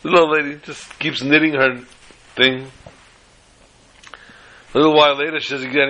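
A man and religious teacher, telling humorous stories in a sermon with lively delivery. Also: fairly high pitch, moderate pace, long pauses, poor audio. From United States. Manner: animated storyteller, shifts between voices. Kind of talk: storytelling sermon with jokes.

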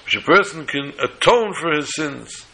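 A man teaching a sermon on the weekly Torah portion in a measured, halting way, often restarting phrases. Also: fairly high pitch, animated, vocal fry, bright, forceful tone, low-quality recording.

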